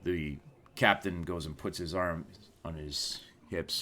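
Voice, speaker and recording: Deep slow guy running a tabletop game, relaxed, lots of ums. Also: faint music behind. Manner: relaxed, unhurried narration with fillers. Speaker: game master.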